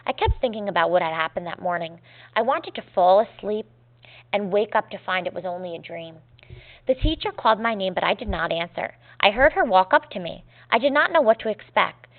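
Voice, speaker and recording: A woman teacher reading a story aloud to her students in a clear, measured, gently expressive way. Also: medium pitch. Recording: tinny phone-like lo-fi recording.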